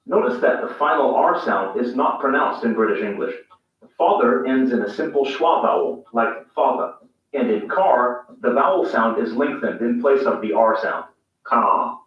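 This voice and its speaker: A man narrating a scripted pronunciation lesson, explaining clearly and modeling example sentences. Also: mid-range voice, animated, normal speed. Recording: distant, very echoey, dull lo-fi playback.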